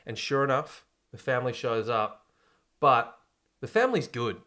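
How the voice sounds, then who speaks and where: A man's voice: mid-range voice, very animated, moderate pace, bright, forceful tone. Laid-back man spinning a story. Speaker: podcast co-host. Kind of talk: casual comedic chat, pitching a movie plot.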